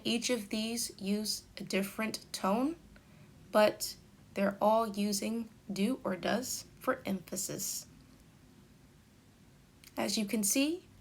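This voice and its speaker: A woman teaching an English grammar lesson at an unhurried pace. She lays out each example sentence with careful, deliberate emphasis, like a patient tutor. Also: medium pitch. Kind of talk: slow explanatory grammar lesson.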